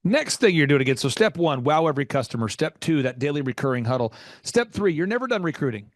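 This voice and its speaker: A man hosting a business podcast, talking emphatically, repeating his points and leaping up in pitch in disbelief. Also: animated, quick pace, dry recording. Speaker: podcast host, business coach. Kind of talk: animated interview talk.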